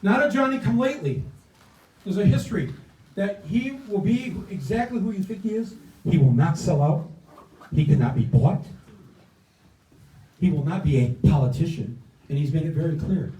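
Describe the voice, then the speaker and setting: An older man, a guest speaker at an indoor campaign event, gives a rousing stump speech, hammering his points with repetitive cadences. His voice sits high and is warm and animated, at a moderate pace. The echoey room is picked up by a far-off mic.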